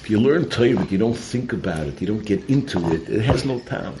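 A man's voice: lowish voice, lively intonation, brisk, noisy background. A man giving a Torah talk full of stories, mixing in Yiddish and Hebrew terms. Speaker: Torah teacher.

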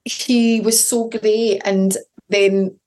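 A woman's voice: medium pitch, little pitch movement, very slow, darkish tone. A woman with children, hosting her podcast solo and telling a candid personal story in a chatty way, acting out the voices of the people she quotes. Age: adult with children. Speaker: podcast host.

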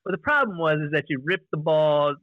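A man's voice: on the high side, lively intonation, brisk, dry recording, narrow, tinny audio. A man co-hosting a podcast, chatting casually and teasing the guest. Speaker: podcast co-host and umpire. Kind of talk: casual chat.

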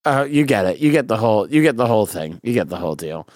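A man's voice: fairly low pitch, sing-song, a little mellow, no room sound. Ranty male comedian with dry close sound. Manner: ranty, rambling, quick to put on silly voices. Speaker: comedian guest. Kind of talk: comedic podcast banter.

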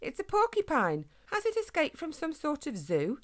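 A woman's voice: high voice, huge pitch swings, normal speed, pitched above the performer's own voice, full character voice. A woman voicing a fussy, gushing older human lady with thick glasses in a storybook, squealing.

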